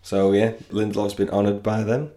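A man chats about football on a podcast. His voice sits very low and has a gravelly edge. He jokes along and swears now and then, easy and unhurried. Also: flat delivery, dark tone. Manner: banter, laughing, swearing. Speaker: podcast co-host. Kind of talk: casual football chat.

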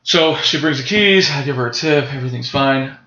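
A man with a gravelly, fried edge to his voice tells an animated story in casual conversation. He keeps asking his listeners to follow along as he talks. The recording is roomy and a bit dull. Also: mid-range voice, brisk. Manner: animated storyteller, checks in with "right?" and "bro". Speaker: guest, professional wrestler.

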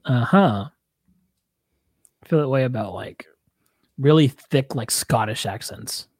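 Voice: mid-range voice, animated, slow pace, darkish tone, no echo, studio quality. A podcast co-host in casual chat, blunt and joking with plenty of swearing. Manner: blunt, profane, jokey.

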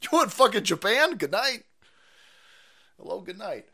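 A man hosting a live stream, ranting in profane commentary, mocking and laughing often, breaking into loud excited outbursts. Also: high voice, unhurried, gravelly, breathy edge. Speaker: livestream host.

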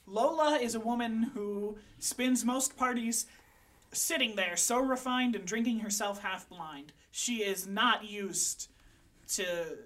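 A woman's voice: medium pitch, slow pace, a bit bright. A woman narrating a tabletop mystery game as game master, in a vivid, dramatic way.

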